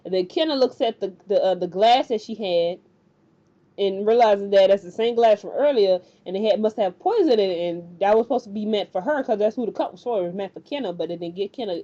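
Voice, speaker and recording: Chatty female recapper, slangy and loose. Mellow, slightly high voice on a dull lo-fi recording. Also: lively intonation, fairly quick. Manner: rambling and colloquial, acting out characters' lines. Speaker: TV recap vlogger. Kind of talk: casual episode recap.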